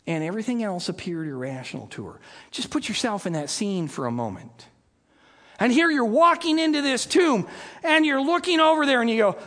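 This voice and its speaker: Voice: medium pitch, normal speed. A preacher giving a sermon, who reads a scripture passage and then explains it conversationally, acting out the scenes. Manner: animated, acts out scenes. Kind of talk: sermon with Bible reading.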